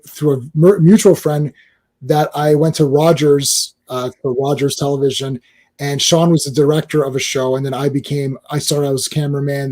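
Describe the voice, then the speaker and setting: A man's voice: mid-range voice, mellow, rough recording. A man from Canada hosting a casual live stream, telling rambling stories with lots of restarts and acted-out quotes. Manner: rambling storyteller, many restarts, acts out quotes. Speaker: host.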